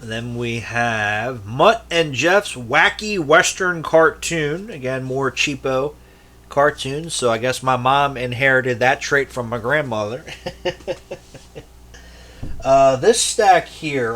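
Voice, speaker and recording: A VHS collector vlogger speaks slowly in a mid-range, fairly bright voice as he casually displays his tapes. He wanders from topic to topic, joking and cursing freely, over a little hiss or hum.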